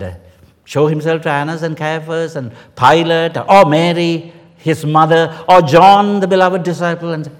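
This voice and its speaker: Impassioned preacher in his seventies, echoing hall. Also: medium pitch. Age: 70s. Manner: impassioned, swinging from loud proclamations to hushed tender lines. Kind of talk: sermon. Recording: long reverb of a large hall.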